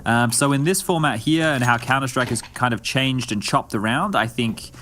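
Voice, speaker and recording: A man's voice: mid-range voice, normal speed, sharp tone, slight background noise. A man giving chatty, analytical color commentary on an esports match, with the odd joke.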